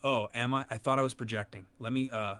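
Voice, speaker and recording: A man's synthetic AI voice answering in a calm, good-natured, measured way. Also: medium pitch, no echo. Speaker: AI chat companion. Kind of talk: conversational AI replies.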